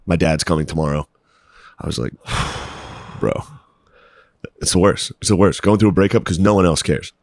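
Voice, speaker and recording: A man's voice: low voice, normal speed, vocal fry, long pauses, dry recording. A man in his thirties co-hosting a comedy podcast, riffing with a laid-back, dry sense of humor. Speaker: podcast co-host. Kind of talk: casual comedic chat.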